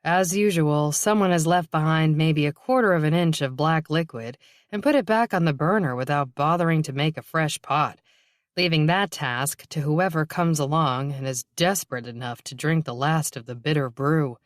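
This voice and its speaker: A woman narrating a novel in a measured, even reading. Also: low voice, dry recording, clean studio sound. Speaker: audiobook narrator. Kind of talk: scripted narration.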